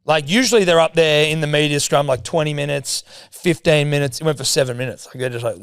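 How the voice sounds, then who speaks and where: A man's voice: on the high side, fast talker, hardly any pauses, a bit bright, clear, resonant tone, no room sound, studio quality. Swearing man in sports banter. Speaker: podcast co-host. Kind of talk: casual sports chat.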